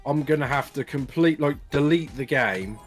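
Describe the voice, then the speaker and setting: A man's voice: mid-range voice, lively intonation, normal speed, faint music behind. Exasperated man chatting while gaming. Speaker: gaming friend. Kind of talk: casual gaming chat.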